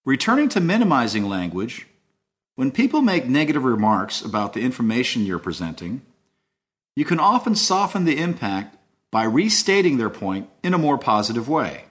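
Lively-voiced man narrating a lesson. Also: mid-range voice. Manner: measured, explanatory. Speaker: host.

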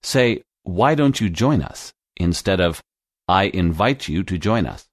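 A man narrating a scripted English lesson podcast in a slow, clear teaching manner. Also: deep voice, lively intonation, no echo, clean studio sound.

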